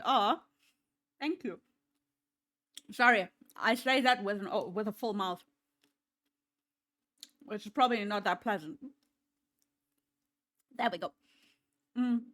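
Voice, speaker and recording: A woman's voice: mid-range voice, a bit bright. A woman streamer chatting casually with her viewers, swearing freely and laughing often. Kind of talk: casual chat.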